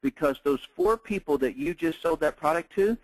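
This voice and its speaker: A man's voice: fairly high pitch, lively intonation, moderate pace, no echo, rough recording. A man presenting a business training, telling stories in a salesy, upbeat way with many fillers. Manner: storytelling with lots of fillers and quoted dialogue.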